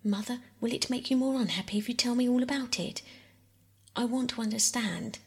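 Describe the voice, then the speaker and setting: A woman softly voicing an earnest, worried young girl in a whispered role-play reading. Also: a little high, a little fast, voice pushed up, close to an everyday voice. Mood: pleading. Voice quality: soft whisper.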